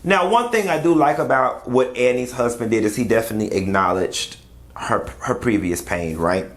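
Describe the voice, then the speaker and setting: Candid male vlogger from the US, mid-pitched, casual reaction commentary. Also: moderate pace. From United States. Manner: chatty and candid, speaks straight to viewers. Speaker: YouTube commentator.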